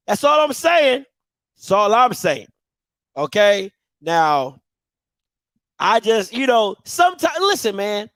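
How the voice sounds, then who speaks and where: A man hosting a live show, ranting casually with animated, emphatic, slangy banter. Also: sits high, slow pace, long pauses, no room sound. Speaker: show host. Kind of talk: casual on-air rant.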